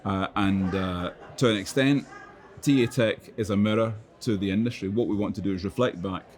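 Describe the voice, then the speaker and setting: A middle-aged man with a Scottish accent being interviewed at a busy conference, halting and repeating words, with a dry wit. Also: lowish voice. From Scotland. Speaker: interview guest, chief growth officer. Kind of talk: casual convention interview.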